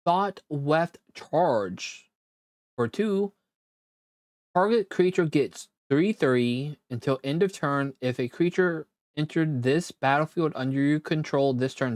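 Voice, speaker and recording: Man opening card packs in his room, reads text slowly and stumbles, dry close sound. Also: a little high, no echo. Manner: reads card text aloud haltingly, with quick reactions. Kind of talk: casual card-pack opening commentary. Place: own room at home.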